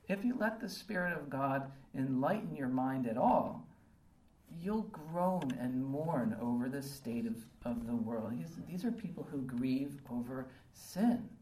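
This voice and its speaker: A woman with a low, darkish voice preaches a sermon earnestly, asking many rhetorical questions and often filling gaps with um. A distant mic gives it a roomy echo and faint ambience.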